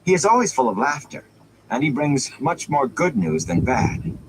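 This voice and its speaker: A man's voice: fairly high pitch, sing-song, normal speed, noisy background, pitched above the performer's own voice. A man voicing a polite, earnest young village woman in a prim manner.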